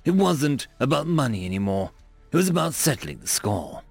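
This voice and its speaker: A man reading a story aloud as the narrator, in an expressive, dramatic manner. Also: mid-range voice, normal speed, vocal fry, slightly rough, no room sound, soft background music.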